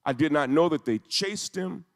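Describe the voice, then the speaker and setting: A man speaking with intensity, his voice a bit high with a gravelly edge. He tells a story with building emphasis. The sound carries a long echo from a big hall. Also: expressive, moderate pace. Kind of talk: emotional speech to a congregation. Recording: echoey hall.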